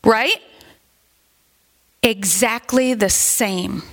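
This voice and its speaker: A woman pastor preaching a sermon in a conversational, animated way, acting out quotes and adding asides. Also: a little high, extremely slow. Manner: animated, acts out quotes in put-on voices.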